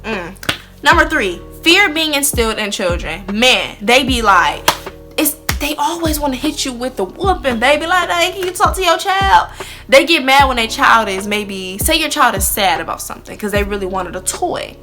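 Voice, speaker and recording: A young woman chatting candidly to camera as a vlogger, blunt and expressive, speaking straight to her viewers. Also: a little high, moderate pace, music in the background. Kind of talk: candid casual chat to camera.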